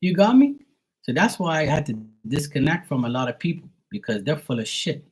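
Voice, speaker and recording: A man's voice: mid-range voice, fairly quick, breathy edge. A man working as a psychic medium, ranting bluntly and profanely in a rambling, casual livestream chat. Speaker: psychic medium and tarot reader.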